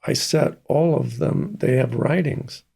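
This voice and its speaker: An older pianist and composer from Mississippi is a guest in a casual interview, telling stories slowly and thoughtfully with many pauses. His mid-range voice is gravelly and husky, and crowd noise can be heard.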